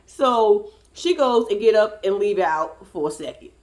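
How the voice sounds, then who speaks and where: A woman hosting a casual recap commentary, talking in an animated, profane way and laughing often. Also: medium pitch, unhurried. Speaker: host.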